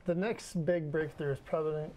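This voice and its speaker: Give me an eager young man with a warm, dark voice presenting science news. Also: on the high side, steady tone. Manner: eager, slightly halting when unscripted. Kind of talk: casual news chat.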